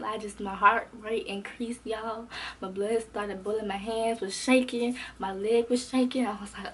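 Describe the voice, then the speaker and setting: A young adult woman vlogger telling a casual storytime, animated and slangy, acting out what others said. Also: medium pitch, moderate pace, noisy background. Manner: animated, expressive, slangy, acts out quotes.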